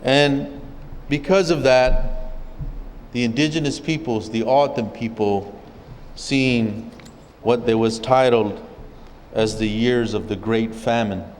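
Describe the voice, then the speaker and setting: A man from an O'odham community speaks slowly and deliberately, unhurried in how he tells the history. His mid-pitched voice carries a long reverb from a large legislative chamber. A faint room hum sits behind him. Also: fairly even intonation. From O'odham community, Arizona. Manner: measured storytelling, occasional restarts. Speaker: forum speaker. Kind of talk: spoken history talk at a public forum. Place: legislative chamber at a state capitol.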